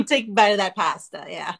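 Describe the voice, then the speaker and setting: A woman with a Boston accent co-hosting a casual live-stream chat, playful and animated, bantering quickly with frequent restarts. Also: mid-range voice, gravelly, slightly rough. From Boston area. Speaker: co-host.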